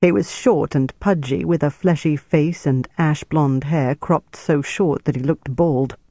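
A man narrating a novel as an audiobook in a measured, steady storytelling voice. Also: on the high side, dry recording. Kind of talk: scripted narration.

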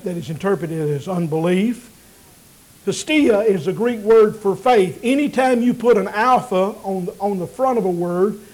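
Pastor, man, very high voice, preacherly swells and hushes. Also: low-quality recording. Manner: preacherly, rising to emphatic peaks then dropping low and quiet. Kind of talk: sermon.

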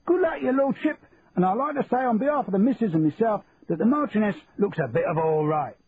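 Cheeky cockney guy yelling jokes , man putting it on, sounds kinda far off and tinny. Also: fairly high pitch, animated, a little fast, voice pushed up, close to an everyday voice. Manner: loud and jokey, calling out. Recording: tinny phone-like line, faint hiss.

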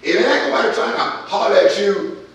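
A man preaching a sermon as pastor, his voice swelling louder as he drives points home. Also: high voice, animated, normal speed. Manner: preaching with rising volume and calls of amen. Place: church sanctuary. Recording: distant mic in an echoey church hall.

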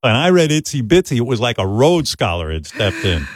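A man's voice: mid-range voice, very animated, a little fast, dry recording, studio quality. A man hosting a talk show, telling a profane, self-deprecating story in a casual way. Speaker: radio show host.

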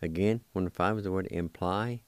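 A man hosting a radio language lesson, spelling and pronouncing Cherokee words slowly and repeating each one for listeners to write down. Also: low voice, smooth, no echo. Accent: Oklahoma Cherokee.

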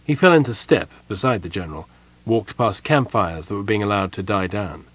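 Low, husky-voiced male audiobook narrator. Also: animated, moderate pace, a bit bright. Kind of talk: scripted narration.

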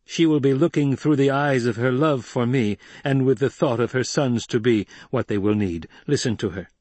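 A cold young ruler issues clipped, measured commands, as a male reader voices him. The tone is raised and firm over a slightly husky grain. Everything sits close and dry. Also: mid-range voice, darkish tone, no echo, lightly acted. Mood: commanding.

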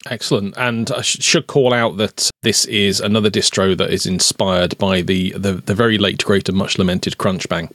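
A man with a fairly low voice co-hosting a chat podcast. He speaks politely and at an even pace, with a dry, close sound. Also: moderate pace, hardly any pauses, dry recording. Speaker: podcast co-host. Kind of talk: casual chat.

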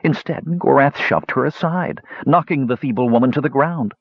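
A man narrating a fantasy story aloud in an expressive, lively reading voice. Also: mid-range voice, moderate pace, slightly rough, no echo. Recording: dull dry lo-fi recording.

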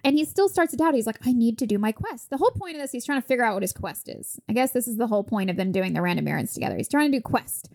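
High-voiced woman recapping a film. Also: racing, vocal fry, few pauses. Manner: animated storytelling, acting out characters' lines. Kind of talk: casual chat recapping a movie.

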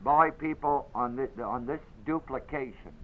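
A man preaching a sermon, moving from quiet explanation to loud, dramatic quoting of scripture. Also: mid-range voice, a little slow. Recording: dull lo-fi audio.

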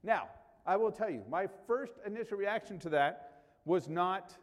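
A man's voice: sits high, normal speed, big-room sound. A male pastor preaching a sermon in a conversational way, rising sharply for emphasis.

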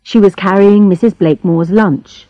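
A woman narrating a storybook in a calm, measured reading for learners. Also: medium pitch, no echo. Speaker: audiobook narrator. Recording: slightly muffled dry recording.

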